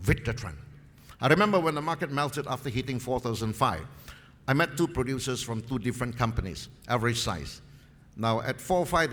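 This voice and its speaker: In a seminar hall with long reverb, a man with a lowish, fairly bright voice gives a market presentation sprinkled with anecdotes. He drives his points home by repeating key phrases.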